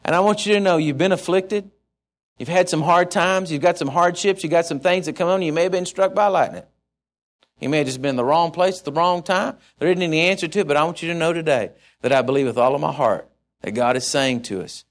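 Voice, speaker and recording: A man from Texas, preaching a sermon as pastor, swinging from loud passages to hushed ones. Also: fairly high pitch, brisk.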